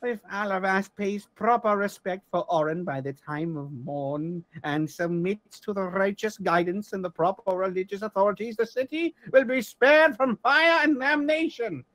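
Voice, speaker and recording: A man's voice: sits high, normal speed, hardly any pauses, a bit bright, no room sound, low-quality recording. A man voicing a stern fire-and-brimstone temple preacher, reading a paid ad from a fan newspaper in a put-on accent, in a dry room. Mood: stern preaching. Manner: stern, sermonizing proclamation.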